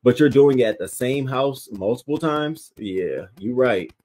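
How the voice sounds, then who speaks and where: A man's voice: medium pitch, expressive, unhurried, warm tone, low-quality recording. A man hosting a livestream, reacting to a news story in an emotional, profane way and reading viewer comments aloud.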